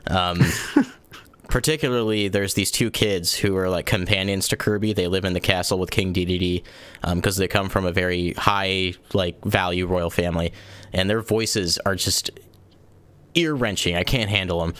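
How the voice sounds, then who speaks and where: A young adult man hosting a casual podcast, telling stories in an animated, rambling way and laughing often. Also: low-pitched, normal speed, no echo. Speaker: podcast host.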